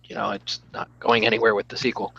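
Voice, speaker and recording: A man's voice: fairly low pitch, level tone, fast, creaky, bright, forceful tone. A man joining a casual podcast panel, with a dry, teasing manner. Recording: dull lo-fi remote line with faint hiss.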